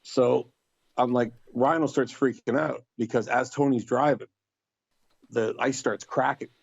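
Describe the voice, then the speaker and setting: Gravelly man telling a wild road story. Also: medium pitch, measured pace, no echo, highs cut off. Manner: animated, acts out voices in quotes. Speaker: podcast guest. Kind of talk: casual storytelling.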